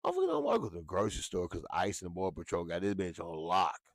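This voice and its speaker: A man hosting a casual talk show, ranting with lots of profanity and animated swings into high yelps. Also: quick pace, gravelly, no room sound, studio quality. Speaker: show host.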